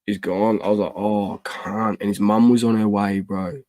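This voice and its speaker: A man's voice: lowish voice, steady tone, brisk, dark tone, no echo. A man, telling stories in a casual, sweary chat and acting out the voices of people he quotes. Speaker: podcast host.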